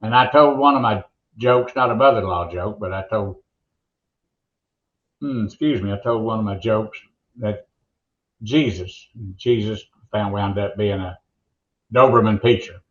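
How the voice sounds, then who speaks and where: An older man, a veteran monster truck announcer appearing as a guest, tells stories and jokes in a rambling, folksy interview with plenty of restarts. His fairly low voice is unhurried, with long pauses, coming over an echoey, muffled remote line.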